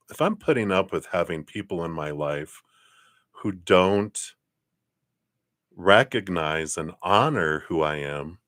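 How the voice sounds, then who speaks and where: A man giving a live tarot card reading, lively and chatty, often clearing his throat and acting out other people's lines. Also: no room sound, studio quality. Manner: animated, acts out other people's lines in high voices.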